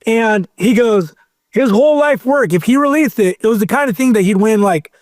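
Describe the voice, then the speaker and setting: A man's voice: high voice, normal speed, no room sound, clean studio sound. A man telling a long story in casual chat, rambling and acting out quotes. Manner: rambling, animated storyteller who acts out quotes. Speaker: podcast guest.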